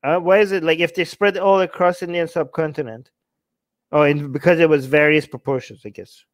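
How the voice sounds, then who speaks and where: A man's voice: on the high side, fairly even intonation, a little fast, no echo. A man hosting a livestream, mocking and exasperated as he reacts to the live chat. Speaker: livestream host. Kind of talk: livestream commentary.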